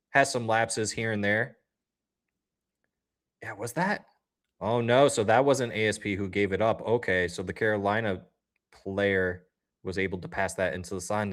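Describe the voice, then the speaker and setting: A man in the middle of a casual live game watch-along, chatting to his viewers between plays. His delivery is upbeat and loose, and he jumps up loudly when something happens on the ice. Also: fairly low pitch. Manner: talks straight to chat viewers. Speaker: livestream host.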